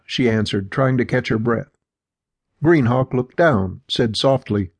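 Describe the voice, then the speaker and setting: A man narrating a fantasy audiobook in a steady, even storytelling voice. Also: mid-range voice, measured pace, gravelly, breathy edge, no echo. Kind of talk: scripted narration.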